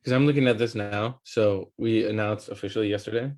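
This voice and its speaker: Man, fairly low voice, podcast guest, eager and hesitant, lots of fillers. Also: steady tone, a little fast, darkish tone. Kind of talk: casual conversational chat.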